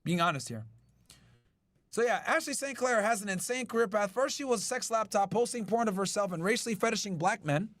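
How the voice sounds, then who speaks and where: A man's voice: high voice, lively intonation, fairly quick, a bit bright, no room sound, soft background music. A male podcast host in casual chat with his live chat, brash and profane. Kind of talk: casual chat reacting to news.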